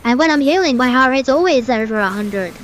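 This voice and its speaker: A woman's voice: sits high, lively intonation, a little fast. A young woman streamer in casual gameplay commentary, ranting in a chatty way with many fillers. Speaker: gaming streamer.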